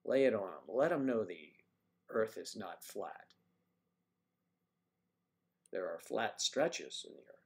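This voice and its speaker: Speaking slowly and pausing often, a man with a lowish, darkish voice hosts a casual livestream. He's expressive as he reads viewer comments, greeting people by name and playfully teasing them.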